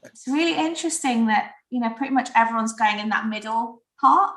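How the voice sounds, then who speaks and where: A woman's voice: fairly high pitch, brisk, a bit bright. A woman co-hosting, chatting casually about poll results and restarting her sentences. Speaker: co-host running a poll. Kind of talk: casual chat. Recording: roomy, distant mic.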